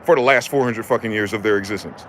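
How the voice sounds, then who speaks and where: A man's voice: lowish voice, fast, fairly bright tone, a little hiss or hum. A man delivering an angry, profane, confrontational rant that circles back to the same rhetorical questions. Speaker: vlogger. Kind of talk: angry ranting monologue.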